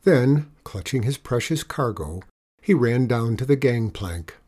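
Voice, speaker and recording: A man narrating a children's storybook aloud in a gentle, measured way. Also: medium pitch, animated, husky. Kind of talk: storybook reading.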